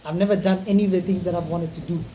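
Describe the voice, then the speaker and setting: A man's voice: high-pitched, steady tone, very fast, dark tone, slight background noise. A man in his twenties speaking in a frank, raw, profane confessional vlog monologue. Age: 20s.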